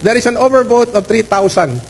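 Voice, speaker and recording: A man speaking as a lawyer for a candidate, making a formal manifestation before a canvass board, deliberate and formal, stressing key words and pausing with fillers. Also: very high voice, lively intonation, vocal fry, a little hiss or hum, poor audio. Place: hearing room.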